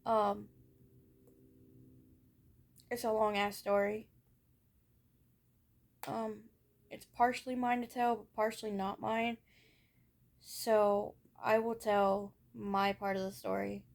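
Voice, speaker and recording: A young woman vlogs to camera about her childhood, speaking candidly and rambling a bit with plenty of fillers. Her voice is medium-pitched and gravelly, with a flat, slow delivery broken by long pauses. She has the hiccups.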